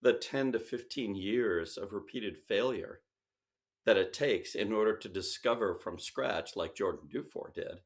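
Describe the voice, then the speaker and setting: A man speaking as an interview guest, emphatic and animated, often switching into quoted voices to make his point. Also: lowish voice, measured pace. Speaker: sales expert guest. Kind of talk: conversational interview.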